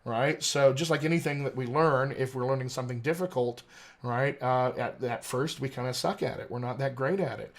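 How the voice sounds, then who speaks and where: A man's voice: medium pitch, brisk. A man working as an accent coach, explaining at length in a podcast interview, articulate and teacherly with frequent "you know" fillers. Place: podcast studio.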